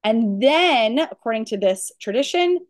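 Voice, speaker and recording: A woman teaching a lecture on a religious text, emphatic and animated, often asking rhetorical questions. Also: on the high side, measured pace. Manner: animated storytelling.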